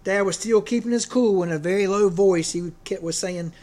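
Guy preaching, high voice, loose and jokey, lots of uh and restarts. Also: normal speed, a little mellow. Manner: folksy, joking, many restarts and fillers. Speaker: pastor. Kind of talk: sermon.

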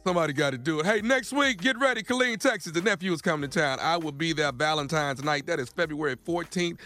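A man's voice: on the high side, quick pace, hardly any pauses, pushed and bright, soft background music. Hyped man promoting shows on radio. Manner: hyped, playful self-promotion. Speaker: radio comedian, show regular. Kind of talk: radio show banter and promo.

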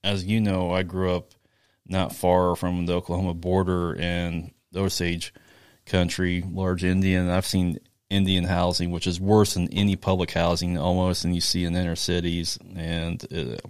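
A man's voice: deep voice, completely flat delivery, normal speed, clean tone, dry recording, studio quality. A man from Kansas co-hosting a podcast, blunt and casually profane as he tells stories. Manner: blunt, swears casually, storytelling. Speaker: podcast co-host. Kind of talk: casual chat.

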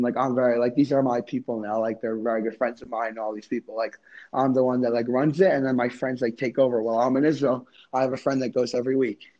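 Mellow-voiced man telling a rambling story. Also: medium pitch, lo-fi sound. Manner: rambling, heavy use of "like". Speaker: guest. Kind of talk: casual storytelling.

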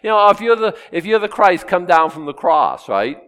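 A middle-aged man preaching a sermon, teaching through a Bible passage in a conversational way with sudden loud rises. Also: high voice, very animated, moderate pace, clear, resonant tone. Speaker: pastor.

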